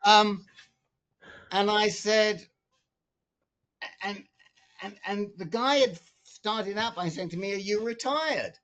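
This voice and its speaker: Animated man with a high voice, storytelling. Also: slow pace, long pauses, clear, resonant tone. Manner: animated storyteller, repeats and restarts words. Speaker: support group member. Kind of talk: casual group video call. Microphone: video call.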